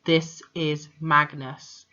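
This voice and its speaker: A woman voicing the ghost of a dead father, slow and solemn, on a dull lo-fi recording. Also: sits low, level tone, pushed and bright, heavily acted.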